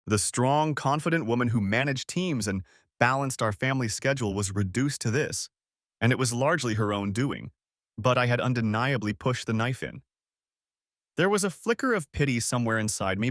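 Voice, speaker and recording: A man's voice: mid-range voice, fairly bright tone, dry recording, studio quality. A man narrating a first-person drama story, cold and controlled in tone.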